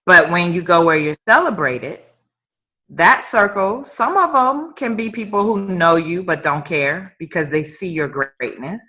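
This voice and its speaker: A woman's voice: fairly low pitch, animated, a little slow, sharp tone. A woman guest on a live-streamed talk, speaking in an emphatic, preacher-like way and repeating phrases for weight. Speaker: guest entrepreneur. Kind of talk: motivational conversation. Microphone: online live stream.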